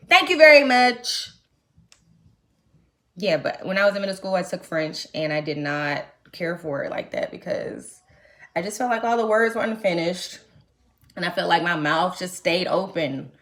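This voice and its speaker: A young adult woman from the United States chatting casually to her viewers, telling a trip story in animated, slangy talk. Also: on the low side. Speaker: vlogger. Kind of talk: casual chat to camera.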